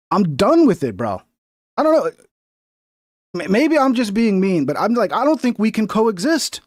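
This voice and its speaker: Man, high-pitched, dry close mic, heated profane commentary. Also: darkish tone, no echo. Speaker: political commentary streamer.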